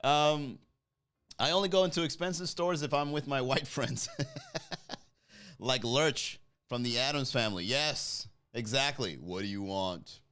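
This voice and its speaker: At a moderate pace, a comedy podcast host spins a story in an animated, casual style, voicing its characters with big pitch leaps and laughing at his own jokes.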